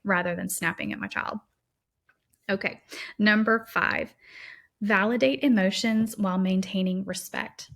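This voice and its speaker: Gravelly-voiced woman podcast host. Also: medium pitch. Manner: warm, practical, conversational with quoted examples. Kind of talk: casual teaching monologue.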